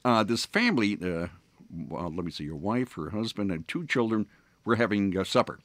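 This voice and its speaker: A man's voice: on the low side, sing-song, normal speed, fairly bright tone, no echo. A man hosting a morning radio show, telling stories in a rambling way with many fillers and restarts. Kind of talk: casual on-air storytelling. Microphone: studio microphone.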